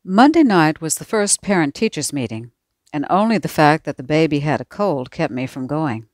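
A woman narrating a short story in an expressive, animated way. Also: low voice, moderate pace, no echo, clean studio sound.

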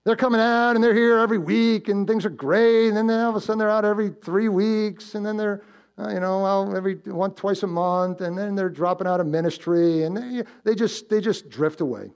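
A man preaching a sermon as pastor, swinging between loud emphatic build-ups and hushed low warnings, telling stories and posing questions to the congregation. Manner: storytelling with direct questions to the congregation. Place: church.

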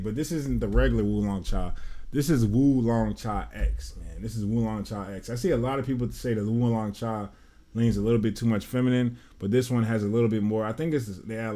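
A man's voice: mid-range voice, mellow. Casting note: American man, fragrance vlogger, gushing and rambly, mid-range voice. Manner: enthusiastic, rambling, says "man" and "y'all" often. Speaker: fragrance reviewer. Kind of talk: casual review vlog.

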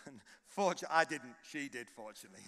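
A man preaching a passionate sermon that rises to loud exhortation at a conference. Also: medium pitch, animated, moderate pace. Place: large conference hall. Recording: long hall reverb.

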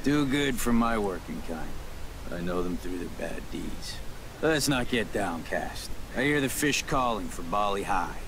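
A man's voice: fairly low pitch, expressive, unhurried. An actor voicing a salty old fisherman in a video game, gloomy but hearty, talking in old-timey seafaring phrases. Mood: grumbling. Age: older. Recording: game audio with noisy hiss.

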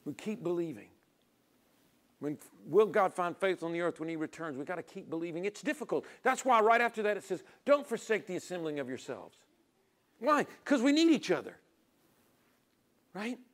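A middle-aged man preaching a sermon as pastor, acting out little dialogues with God and people and swinging from loud urging to quiet near-whispers. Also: high voice, very animated, moderate pace, pauses often.

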